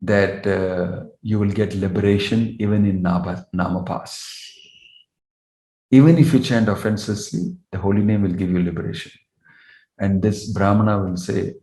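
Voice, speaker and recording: A man's voice: fairly low pitch, normal speed, mellow. A man, a monk, giving a devotional lecture in an earnest manner, telling stories and asking rhetorical questions. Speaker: monk and spiritual teacher. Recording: roomy echo.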